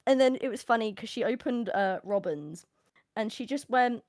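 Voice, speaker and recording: A young woman, a teacher, telling animated stories on a live stream and laughing often. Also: a little high, normal speed, no echo, clean studio sound. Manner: animated storyteller, laughs often, acts out quotes. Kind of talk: casual chat on a live stream.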